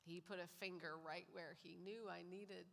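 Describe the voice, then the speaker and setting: A woman's voice: fairly low pitch, fairly even intonation, moderate pace, gravelly. A woman sharing a personal testimony at a church service, telling her story and acting out what people said. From Canada. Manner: storytelling, acts out quoted lines. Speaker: guest speaker sharing testimony. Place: church sanctuary. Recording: long hall reverb in a church.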